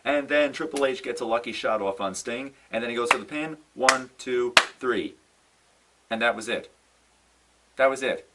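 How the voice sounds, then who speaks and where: A man's voice: mid-range voice, fairly quick, distant mic, noisy background. A young man giving a casual, exasperated rant to camera, sighing, repeating himself and stressing his letdown. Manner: exasperated, animated ranting with sighs and repeated "no"s. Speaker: wrestling fan vlogger. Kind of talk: casual ranting commentary.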